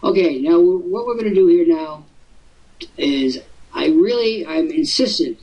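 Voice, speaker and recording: A man in his seventies hosting a live webinar, teasing and firing off rhetorical questions, his voice swooping high for emphasis. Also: animated, a little slow, a little mellow, breathy edge. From Illinois, USA. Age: 70s. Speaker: host. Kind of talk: webinar talk. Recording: dull lo-fi webinar audio.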